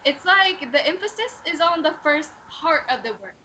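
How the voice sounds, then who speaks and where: A woman leads an online reading lesson over a video call, her high voice bright and crisp. She talks slowly, hesitates, and corrects herself often. A faint hiss sits behind her. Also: lively intonation, rough recording. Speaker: English teacher.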